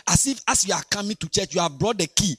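Man, high voice, bright sharp tone, lively sermon, repeats himself. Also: fast, husky, no room sound, studio quality. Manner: animated, repetitive, swings between quiet talk and shouting. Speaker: preacher. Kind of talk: sermon to a youth congregation.

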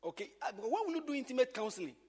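A man's voice: very high voice, racing, big-room sound. A man, teaching church workers in an emphatic, repetitive way. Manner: animated, emphatic, repeats points.

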